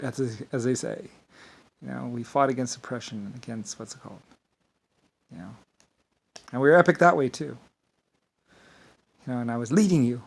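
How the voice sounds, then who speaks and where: A man's voice: mid-range voice, fairly quick, creaky, pauses often, fairly bright tone, low-quality recording. Male vlogger, rambling grandiose monologue, swears freely, mid-range voice.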